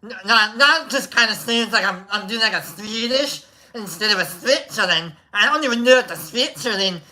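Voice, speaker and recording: A man's voice: sits high, lively intonation, normal speed, pushed and bright. A man hosting a livestream who tells a rambling, casual story, swearing freely and restarting his sentences often. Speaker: livestream host.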